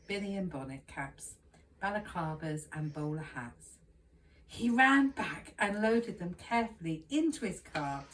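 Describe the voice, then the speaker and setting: A woman teacher reading a children's storybook aloud in a careful, expressive way. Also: low-pitched, measured pace, distant mic, a little hiss or hum. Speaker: primary school teacher.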